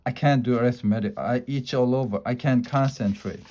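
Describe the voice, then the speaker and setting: A man's voice: medium pitch, a little fast, mellow, natural voice. A whining little schoolgirl, full of complaints, as a man reading a storybook puts her on. She pleads and grumbles in a put-upon voice. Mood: whiny. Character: whiny itchy little schoolgirl.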